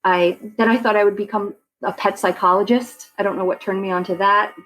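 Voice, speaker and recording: A woman's voice: medium pitch, fairly even intonation, fairly quick, a bit bright, rough recording. Woman, forties, from long island, casual interview chat, lots of fillers, podcast mic. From Long Island, New York. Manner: chatty, laughs easily, many "you know" fillers. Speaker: guest.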